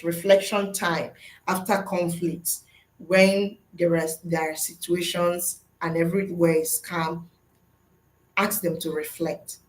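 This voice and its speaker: A woman's voice: fairly low pitch, roomy sound, poor audio. A middle-aged woman, a school psychologist, giving a webinar lesson to teachers in an earnest, teacherly way and answering her own rhetorical questions.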